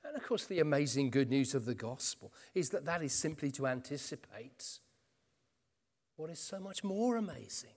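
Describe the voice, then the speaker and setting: A man's voice: a little high, big pitch swings, moderate pace, darkish tone. A man preaching an earnest expository sermon. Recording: long reverb in a church hall.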